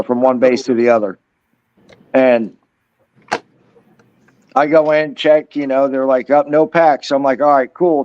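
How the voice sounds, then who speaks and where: A military veteran telling a profane, animated story on a casual podcast and acting out the quotes. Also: male voice, mid-range voice, dry recording, highs cut off.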